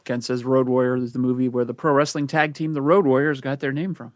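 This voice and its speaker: A man's voice: medium pitch, level tone, fast, no room sound, studio quality. A man co-hosting a movie podcast, chiming in with short, affirming remarks. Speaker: podcast co-host. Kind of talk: casual chat.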